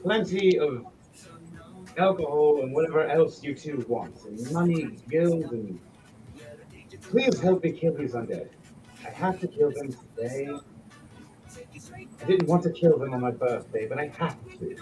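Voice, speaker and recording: A man voicing a brisk woman leader hiring fighters, talking bluntly. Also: fairly high pitch, lively intonation, over music, rough recording. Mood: pleading.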